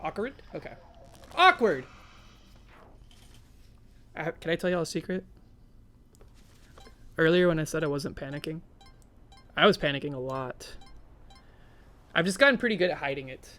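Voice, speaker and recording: A woman's voice: low-pitched, fairly quick, long pauses, fairly bright tone. A woman streamer giving casual live commentary on a game, chatty and talking to her viewers, with sudden startled exclamations. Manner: chatty, talks to chat, jumpy exclamations.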